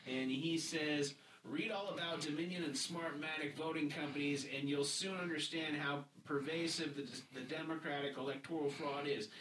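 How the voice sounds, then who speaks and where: A man's voice: fairly high pitch, fairly even intonation, normal speed, few pauses. Man commentating from a distance. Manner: reads quotes aloud and then comments. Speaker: podcast co-host. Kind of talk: casual political commentary. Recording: roomy, distant mic with background noise.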